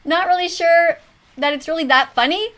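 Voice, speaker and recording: A woman in her fifties hosting a mock classroom, commenting on a video in an animated schoolteacher tone. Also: very high voice, normal speed. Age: 50s. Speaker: teacher hosting a reaction video.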